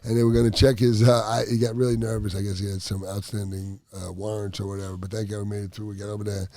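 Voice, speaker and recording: A man, a former boxer, telling rambling, halting stories as a podcast host. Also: fairly low pitch, level tone, warm tone. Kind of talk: casual storytelling chat. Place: studio with others at a table.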